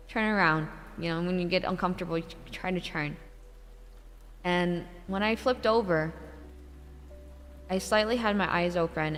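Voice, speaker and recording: A woman's voice: lowish voice, in a large hall. Young woman telling a ghost story. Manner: animated, swears, breaks into laughter. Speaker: VTuber streamer. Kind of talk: casual storytelling.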